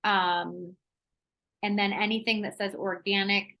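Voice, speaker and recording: Woman wellness presenter on a video call, chatty, energetic, bright forceful tone. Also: medium pitch, slow pace, vocal fry, poor audio. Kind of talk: live online workshop talk.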